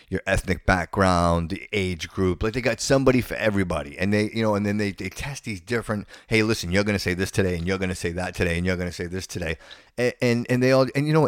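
A man with a lowish voice hosts a podcast and delivers an indignant, opinionated rant. He often stammers, repeats his words and restarts his sentences. The recording is dry and close. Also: no room sound. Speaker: podcast host.

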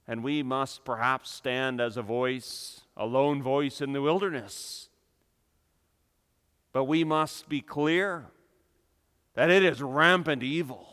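A man preaching a sermon with emphatic delivery, building to loud, impassioned peaks. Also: medium pitch, slow pace, pauses often. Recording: long reverb of a hall.

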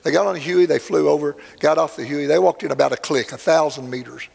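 A man's voice: fairly high pitch, fast talker, gravelly, a little mellow, husky. An older man preaching a sermon, telling a story in a plainspoken, earnest way that swells dramatically. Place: church sanctuary. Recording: long hall reverb, faint music.

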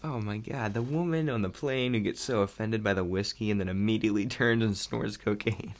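A young man chatting casually about a movie he loved, rambling and excitable and laughing often. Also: lowish voice, fairly quick. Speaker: vlogger reviewing a movie. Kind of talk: casual chat.

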